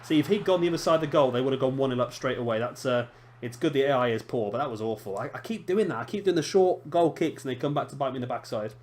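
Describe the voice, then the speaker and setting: A man's voice: medium pitch, lively intonation, fast, darkish tone. Chatty man commentating his game. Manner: chatty, self-deprecating, reacting aloud to play. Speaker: gaming commentator. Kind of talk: casual let's-play commentary.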